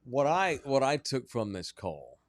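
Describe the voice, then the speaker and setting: A man's voice: medium pitch, very animated, unhurried, no room sound, studio quality. A man co-hosting a sports radio show, chatting casually and reading a live ad with a drawl, often acting out quoted voices. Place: radio studio.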